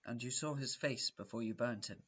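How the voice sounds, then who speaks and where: A man with an ordinary mid-pitched voice questions a game master, skeptical and probing as he plays his character. His mic sounds dull and lo-fi. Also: brisk, a bit bright, slightly rough, dry recording. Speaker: player. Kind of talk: in-character tabletop play.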